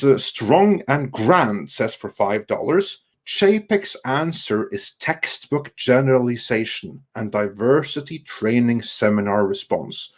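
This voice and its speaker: Chatty male livestream host. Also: medium pitch. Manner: chatty, halting, many fillers and restarts. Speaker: livestream host reading super chats. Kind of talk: casual panel chat.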